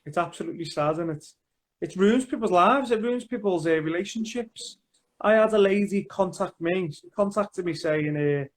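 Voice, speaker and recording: A man's voice: high voice, fairly quick, slight background noise. A man with a Scouse accent, a guest in a casual interview chat, telling his story in a plain-spoken way and often repeating himself.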